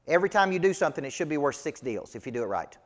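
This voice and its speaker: Emphatic Southern business coach, fairly high voice. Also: male voice, very animated, very fast, long reverb tail. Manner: emphatic, folksy, rhetorical questions. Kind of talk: motivational seminar teaching.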